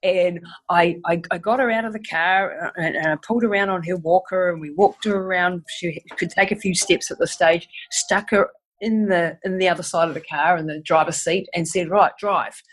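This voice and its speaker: A New woman shares a personal story as a guest. Her voice has a husky edge. She tells it in an animated way, restarting sentences and acting out what others said. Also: fairly low pitch, moderate pace. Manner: animated, acts out quotes, frequent restarts.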